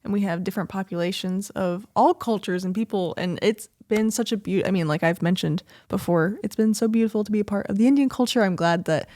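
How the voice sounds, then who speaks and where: A woman's voice: medium pitch, brisk, few pauses, darkish tone, no echo. Chatty woman cohost on a podcast, upbeat, super dry mic. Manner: chatty and upbeat, trails off mid-word. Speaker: podcast co-host. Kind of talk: casual podcast chat.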